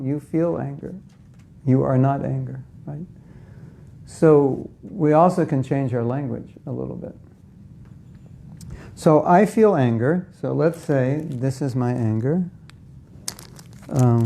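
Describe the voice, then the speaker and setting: Man, gravelly mellow voice, spiritual talk, chatty, asks the audience questions. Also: medium pitch, slow pace, pauses often. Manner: acts out inner voices in quotes. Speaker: spiritual teacher.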